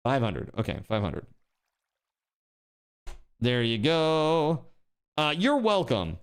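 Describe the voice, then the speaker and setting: A man streaming a video game, chatting loosely with viewers and breaking into excited yelps while he plays. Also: mid-range voice, slow, clean tone. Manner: excitable, yelping outbursts while playing; rambling chat with viewers, many fillers. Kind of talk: live game stream commentary.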